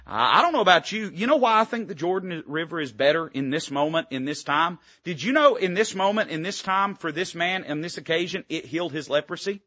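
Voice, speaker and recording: A man's voice: on the high side, lively intonation, brisk, hardly any pauses, pushed and bright, dry recording, lo-fi sound. A man preaching a sermon as pastor, folksy and emphatic, throwing out rhetorical questions to the congregation. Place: church sanctuary.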